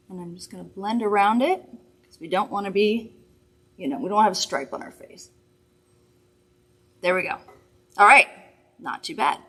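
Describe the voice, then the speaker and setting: A woman's voice: medium pitch, fairly bright tone, slightly rough. A woman hosting a live makeup demonstration from a studio, chatty, upbeat and reassuring as she works. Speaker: makeup host.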